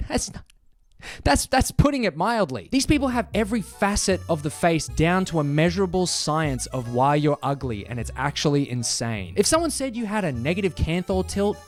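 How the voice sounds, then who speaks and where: Guy narrating a commentary vid, dry and disbelieving, soft music behind. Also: a little high, sing-song, moderate pace. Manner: incredulous, wry.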